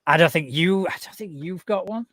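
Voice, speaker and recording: Man, podcast co-host, wry and teasing, bright voice, dry close mic. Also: high voice, moderate pace, no room sound. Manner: wry, teasing, laughs along. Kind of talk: casual chat.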